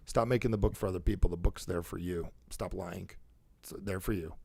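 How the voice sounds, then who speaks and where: A man's voice: low voice, steady tone, fairly quick, vocal fry, a little mellow, husky. A man coaching a caller live, emphatic and repetitive, acting out the dialogue he quotes. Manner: emphatic, repeats phrases, acts out quoted dialogue. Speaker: coach and show host.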